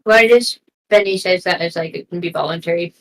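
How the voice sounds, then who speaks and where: A woman's voice: on the low side, a little fast, rough recording. A woman playing a tabletop game, playful and jokey with the others. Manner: playful, jokey, laughs often. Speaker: player.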